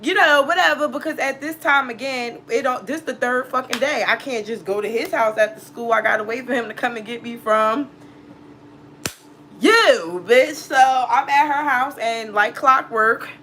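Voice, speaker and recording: A woman's voice: a little high, moderate pace, bright, forceful tone, a little hiss or hum. A woman telling a personal story in a casual vlog, emphatic and full of swearing, breaking into laughter. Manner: profane, emphatic, laughs often. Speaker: tarot reader telling a story.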